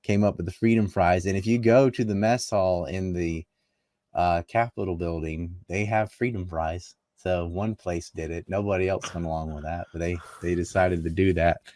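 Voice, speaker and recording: Interview guest: man from North Carolina, very low voice, argumentative and scoffing, dry close sound. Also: fairly even intonation, moderate pace, a little mellow, dry recording. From North Carolina, USA. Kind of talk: casual political talk.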